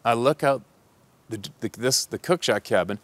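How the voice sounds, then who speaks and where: A man's voice: medium pitch, moderate pace, a bit bright. A man who works as a hunting guide telling a story in a casual, profane, rambling way.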